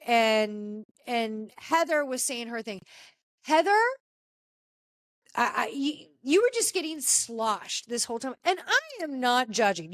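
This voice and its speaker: A woman hosts a podcast, recapping a reality TV episode in a chatty, strongly opinionated way and addressing cast members directly. Her voice sits high and is a bit bright, with no room sound.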